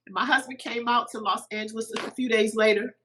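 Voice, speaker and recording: A middle-aged woman, a podcast guest, telling a personal story in an animated way, a little teary-eyed. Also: a little high, fairly quick, slight background noise, poor audio. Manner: animated, acts out quoted voices.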